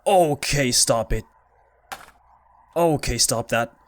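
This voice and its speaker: A man's voice: medium pitch, unhurried. A frightened man commentating a horror game playthrough, pleading with the game and talking to himself. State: scared, shaky. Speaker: gaming YouTuber.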